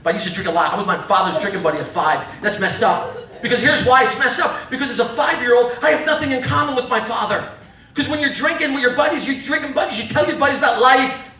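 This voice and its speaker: High, bright stand-up comic man. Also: fast talker, echoey room, far from the mic. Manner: rowdy, acts out voices, audience laughs throughout. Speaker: stand-up comedian. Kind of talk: live stand-up comedy.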